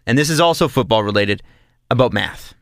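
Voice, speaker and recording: Bright, lively podcast host. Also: male voice, medium pitch, brisk, dry recording, clean studio sound. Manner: lively, amused, setting up clips. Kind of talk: casual podcast chat.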